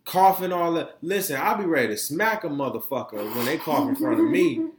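Animated profane man ranting in an echoey room. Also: fairly high pitch, brisk. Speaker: podcast co-host. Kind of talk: casual chat.

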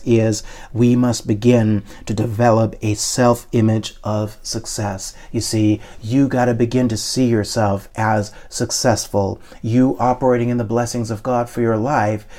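A man's voice: mid-range voice, level tone, a little slow, few pauses, darkish tone. A man preaching an online sermon, emphatic and repetitive, calling his listeners "guys" and leading them in spoken confessions.

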